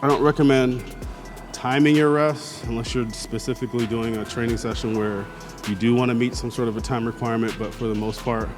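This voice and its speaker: A man's voice: medium pitch, steady tone, a little fast, music in the background. A man talking casually to the camera between heavy squat sets at the gym. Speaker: fitness vlogger. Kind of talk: casual gym vlog talk.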